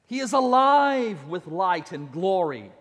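A man's voice: sits high, big pitch swings, slow, fairly bright tone. A man preaching a sermon, telling the story with dramatic swings and acting out the quotes. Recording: long hall reverb.

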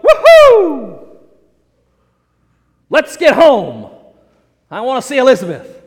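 A man doing squeaky old incredulous Zechariah. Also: huge pitch swings, slow, full character voice. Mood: excited, incredulous. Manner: squeaky, exclaiming disbelief. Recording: echoey hall.

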